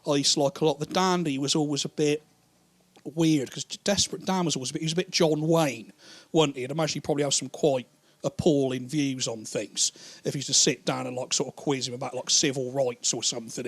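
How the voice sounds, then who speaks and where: Profane rambling stand-up comic. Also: male voice, a little high. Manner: rambling, profane, acts out characters in quick put-on voices. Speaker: stand-up comedian. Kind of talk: stand-up comedy routine.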